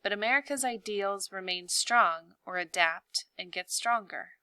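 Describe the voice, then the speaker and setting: An earnest, kind schoolboy, voiced by a woman reading a novel aloud, speaking slowly and with feeling. The tone is bright and clear. The room sound is dry. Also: mid-range voice, no room sound, rough recording.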